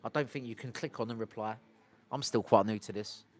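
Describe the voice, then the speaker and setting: Fast-talking man chatting on a live stream. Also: on the low side. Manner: rambling, self-interrupting, talks to viewers. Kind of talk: casual live-stream chat. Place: outdoors on a street.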